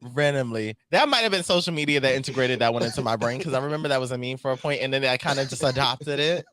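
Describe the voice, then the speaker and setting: A young man co-hosting a podcast in relaxed chat, tossing in movie quotes and laughing asides. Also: medium pitch, quick pace, dry recording. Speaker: podcast co-host.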